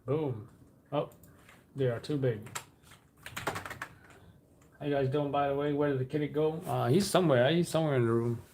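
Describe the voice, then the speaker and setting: A man's voice: mid-range voice, normal speed, long pauses, darkish tone, slight background noise. A man hosting a live stream from a room at home, chatting casually and thinking aloud while he works at a computer.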